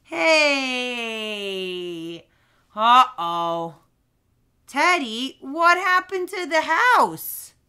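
Woman speech teacher, high bright voice, very slow, sing-song, exaggerated sounds. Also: animated. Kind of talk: playful lesson for young kids. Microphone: camera in front, leaning close at times.

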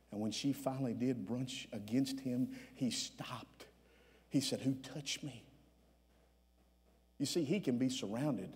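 A man preaching a sermon as pastor, with many "uh" fillers between phrases, rising at times to shouts. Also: mid-range voice, slightly rough, big-room sound. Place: church sanctuary.

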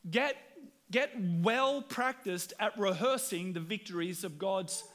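A man's voice: high voice, slow, a bit bright. A man with an Australian accent, preaching a sermon as pastor in an earnest, conversational way, often repeating words as he starts sentences. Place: church.

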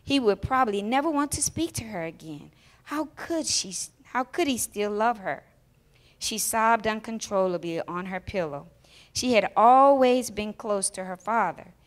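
A woman telling a children's story aloud during a church service, with expressive, emotional storytelling. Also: mid-range voice, measured pace.

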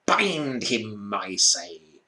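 A man's voice: fairly low pitch, sing-song, extremely slow, bright, forceful tone, full character voice. A man voicing the cruel, imperious White Witch, a grown woman giving contemptuous orders in a storybook reading. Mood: cold command. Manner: commanding, contemptuous.

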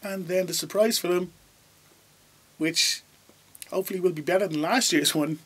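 A man's voice: high voice, normal speed, fairly bright tone, husky. A man hosting a film review show, summarizing plots and bantering in a dry, casual way at a cinema venue.

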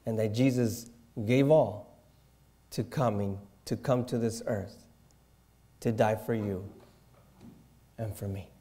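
A man preaching a sermon in a slow, reverent manner, dropping to soft, hushed asides. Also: fairly low pitch, fairly even intonation. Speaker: pastor.

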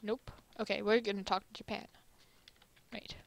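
A young woman playing a game and reading its lines aloud, giggly and excitable. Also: mid-range voice, moderate pace, gravelly. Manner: giggly and excitable, reads all characters. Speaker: let's play gamer.

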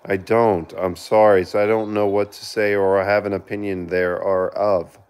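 A man hosting a casual live stream, reading viewer comments aloud and giving shout-outs, earnest with sudden excited outbursts. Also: on the low side, smooth. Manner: reads chat aloud and gives quick shout-outs. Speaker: livestreamer reading viewer chat.

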